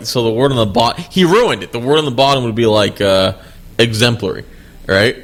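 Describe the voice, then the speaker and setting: A man's voice: medium pitch, lively intonation, normal speed, fairly bright tone, slight background noise. A young man co-hosting a podcast, rambling and swearing in casual chat. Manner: rambling, profane, many restarts. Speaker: podcast co-host.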